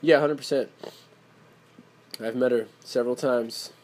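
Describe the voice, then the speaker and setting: A man's voice: medium pitch, fairly even intonation, unhurried, darkish tone. Joking young man hosting a podcast. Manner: laughing, jokey, mimics voices in bursts. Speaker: podcast host. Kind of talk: casual chat.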